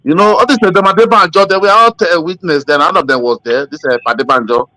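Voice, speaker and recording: A man with a Nigerian accent, co-hosting a casual political chat and telling stories in a rambling, animated way full of fillers. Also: on the high side, quick pace, no room sound. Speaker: podcast co-host.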